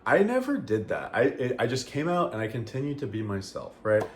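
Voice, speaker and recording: Brisk and sing-song at a medium pitch, a young male vlogger chats openly to his camera. He meanders, swears casually and fills gaps with filler words, recorded in an echoey room with a little noise.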